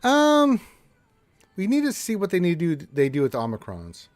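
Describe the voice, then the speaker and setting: A man co-hosting a gaming live stream in relaxed, casual banter. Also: high voice, normal speed, no room sound. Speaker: co-host of a game live stream. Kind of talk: casual chat.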